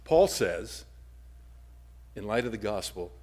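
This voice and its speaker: A male pastor preaching with wide swings in volume. He rises to forceful emphasis, then drops to soft, breathy near-whispers. His pitch sits at a middle level for a man. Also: animated, normal speed. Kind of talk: sermon.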